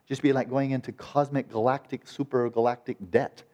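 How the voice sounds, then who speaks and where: A man's voice: mid-range voice, flat delivery, a little fast, a little mellow, dull audio. A man teaching meditation in a conversational dharma talk, acting out quoted voices and often restarting his sentences.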